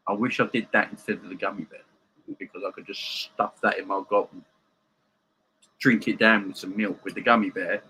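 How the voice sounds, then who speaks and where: Male streamer, sharp bright tone, joking live chat with viewers from home. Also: lowish voice, steady tone, a little fast, a little hiss or hum, low-quality recording. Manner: chatty, joking banter with viewers. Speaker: host of a live football watchalong.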